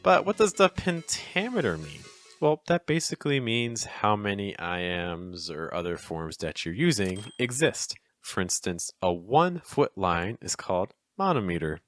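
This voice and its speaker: A man explaining poetic meter in a chatty, encouraging video lesson, acting out the stresses with exaggerated rises and falls in pitch. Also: very animated, unhurried, fairly bright tone, faint music behind. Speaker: poetry teacher.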